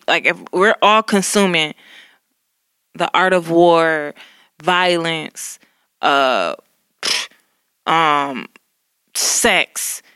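A woman co-hosting a relaxed conversation, her speech full of "like" and quick laughs. Her voice is bright and crisp, recorded close and dry. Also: lowish voice, no room sound. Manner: rambling, heavy use of "like", laughs often. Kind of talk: casual conversation.

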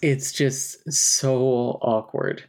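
A man's voice: medium pitch, fairly even intonation, drawn-out words, darkish tone. A man co-hosting a casual podcast, recapping a novel with wry humor and reading quotes aloud. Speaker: podcast co-host. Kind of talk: casual book recap chat.

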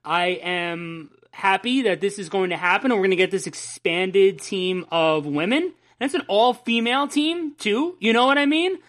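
A man's voice: high-pitched, normal speed, few pauses, a bit bright. Young man, podcast co-host, chatty, swears a lot, rambles and riffs on jokes. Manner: rambling, profane, jokey. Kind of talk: casual comics news chat.

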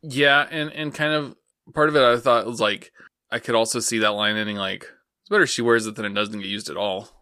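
A man's voice: mid-range voice, steady tone, brisk, bright, forceful tone, no echo, studio quality. A man co-hosting a casual podcast, recapping an anime episode in an amused way and swearing casually. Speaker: podcast co-host.

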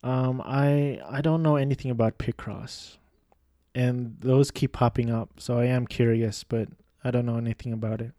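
A man's voice: medium pitch, steady tone, moderate pace, mellow, no echo, studio quality. A young man talking casually on his own, rambling through a list of video games with many ums and restarts, joking at his own expense. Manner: rambling, self-deprecating, many fillers and restarts. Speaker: video game vlogger. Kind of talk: casual monologue listing games.

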